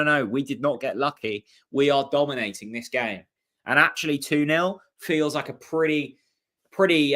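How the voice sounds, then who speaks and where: A young man hosting a live football watchalong, chatting with viewers and reacting to the match in a casual, excitable way. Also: on the high side. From Norfolk, England. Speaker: host of a fan channel watchalong.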